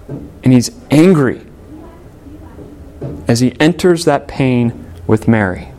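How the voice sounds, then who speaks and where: A male pastor delivers a sermon at an ordinary, mid-range pitch. He reads scripture aloud and presses his listeners with earnest rhetorical questions. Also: animated, slow pace, pauses often, darkish tone, slight background noise.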